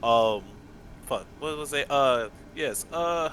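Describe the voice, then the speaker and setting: A man's voice: mid-range voice, lively intonation, slow pace, fairly bright tone, a little hiss or hum. A man playing in a tabletop game, talking hesitantly and swearing often. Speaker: player. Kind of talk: casual game chat.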